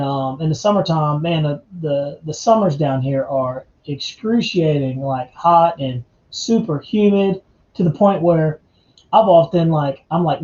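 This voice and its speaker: A man's voice: fairly high pitch, warm tone, roomy sound, lo-fi sound. A man from North Carolina, hosting a casual live chat, laid-back and chatty and calling his viewers man and dude. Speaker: livestream host.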